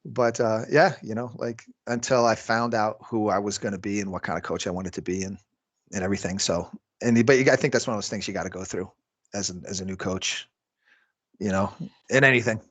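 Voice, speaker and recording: A man's voice: lowish voice, steady tone, fairly quick. A man who coaches jiu-jitsu, chatting casually on a podcast, rambling with lots of fillers and frequent laughs.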